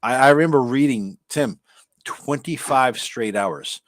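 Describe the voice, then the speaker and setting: A man co-hosting a live stream, chatting casually and telling stories in a profane, animated way. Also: mid-range voice, a little slow, dry recording, studio quality. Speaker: co-host.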